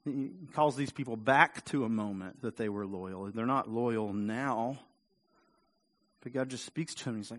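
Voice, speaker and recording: A man preaching a sermon in a loose, conversational way, with a voice of ordinary middle pitch. He repeats words as he goes and lifts his volume when he wants to stress a point. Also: unhurried, fairly bright tone. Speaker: pastor.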